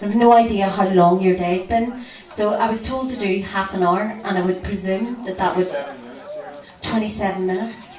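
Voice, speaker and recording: A Northern Irish woman harpist chatting to an audience between songs, relaxed and rambling. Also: medium pitch, normal speed, a crowd in the background. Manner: relaxed, rambling, self-deprecating. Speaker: harpist and singer. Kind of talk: stage chat between songs. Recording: roomy live hall, distant mic, harp.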